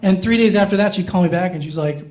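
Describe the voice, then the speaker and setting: A man with a high, light voice telling self-deprecating stories in a stand-up comedy set on a small theater stage. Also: fast, darkish tone, rough recording. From Iowa, USA. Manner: self-deprecating storytelling, jumps up in pitch for inner thoughts.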